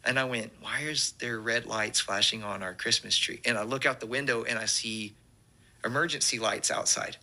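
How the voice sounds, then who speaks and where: A man, a pastor telling an animated testimony story and acting out the quotes. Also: medium pitch, normal speed.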